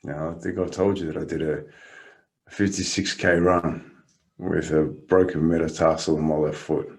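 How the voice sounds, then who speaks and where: An Australian man coaching on a podcast, calm and encouraging, who tells stories with lots of laughter. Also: rumbling low, normal speed, creaky. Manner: lively storyteller, laughs often. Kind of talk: casual podcast chat.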